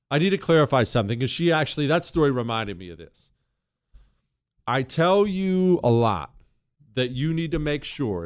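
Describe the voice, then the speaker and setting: A man hosting a talk radio show, wisecracking and taking callers with a lively, emphatic delivery. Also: smooth. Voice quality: animated, wisecracking, swings pitch up for emphasis.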